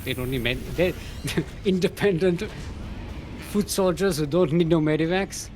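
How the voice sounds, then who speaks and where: A man's voice: a little high, unhurried, a little mellow, a little hiss or hum. A man casting a live strategy-game match with a playful, joking manner. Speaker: esports caster.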